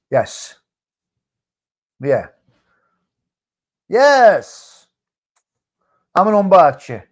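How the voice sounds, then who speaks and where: A brash middle-aged man runs a live chat stream, teasing his viewers. His voice sits high for a man and swings widely up and down as he jokes. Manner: brash, teasing, street-wise banter.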